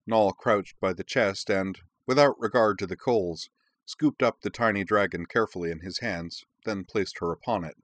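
A man with a lowish voice narrates an audiobook in a measured, even reading, with clean studio sound and no room sound.

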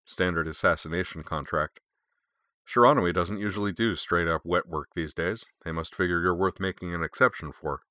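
A man's voice: deep voice, moderate pace, bright, forceful tone, no echo. A man voicing a dry, wry, cigar-smoking middle-aged tough guy in an audiobook, with a laconic drawl.

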